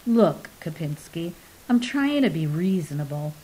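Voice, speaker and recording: A woman voices a reclusive older man in an audiobook, weary on the surface. His threats come out quiet, even and chillingly calm. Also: mid-range voice, a little slow, rough recording. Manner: quiet, controlled, deadly calm.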